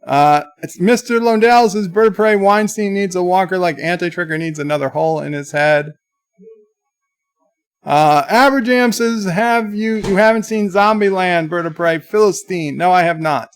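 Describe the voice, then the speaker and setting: A man hosting a livestream, reading viewer chat comments aloud in a chatty, halting way. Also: high voice. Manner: chatty, halting, with many restarts. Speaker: livestream host.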